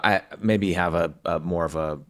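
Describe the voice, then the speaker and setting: A man's voice: sits low, fairly even intonation, normal speed. A man from the American South, co-hosting a podcast in casual, emphatic chat. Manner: emphatic, talks through points with many fillers. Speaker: podcast co-host.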